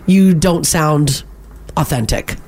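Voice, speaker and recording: A woman's voice: deep voice, slow, a little mellow. A woman co-hosting a morning radio show, chatting casually and reading listener texts aloud. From Canada.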